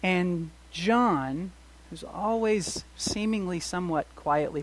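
A middle-aged male pastor preaching a sermon. He swings from soft to loud and asks the congregation rhetorical questions. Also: high voice, slow pace.

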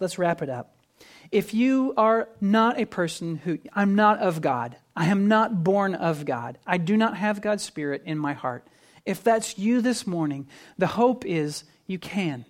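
A man preaching with earnest conviction. His voice climbs to emphatic, louder peaks, then falls back to a low, quiet delivery. It has the steady rhythm of a sermon. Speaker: pastor.

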